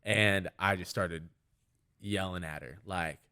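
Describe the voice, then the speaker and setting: Low-voiced man telling stories, rambling. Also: slow, pushed and bright, clear, resonant tone. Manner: rambling storytelling with many "like" fillers. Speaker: guest, MMA fighter and trainer. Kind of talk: casual podcast conversation.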